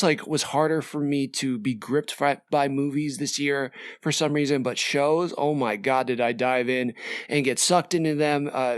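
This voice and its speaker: A young man co-hosting a podcast, chatting casually in an excitable, rambling way full of fillers. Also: a little high, dry recording, studio quality. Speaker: podcast co-host. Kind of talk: casual chat.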